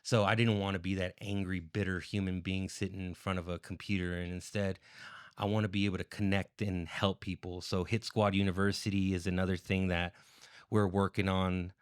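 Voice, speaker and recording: A man chats as a podcast guest, earnest and thorough, with the odd "um" as he works through his thoughts. His voice sits deep and smooth. The sound is close and dry. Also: little pitch movement, fairly quick, dry recording. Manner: earnest, explains at length with fillers. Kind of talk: casual podcast chat.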